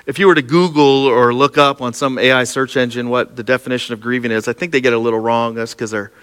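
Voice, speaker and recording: A middle-aged man preaching a sermon, telling a personal story with lively, self-mocking energy. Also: mid-range voice, fast, clean tone. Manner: personal storytelling, animated, laughing at himself. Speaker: pastor. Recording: long hall reverb.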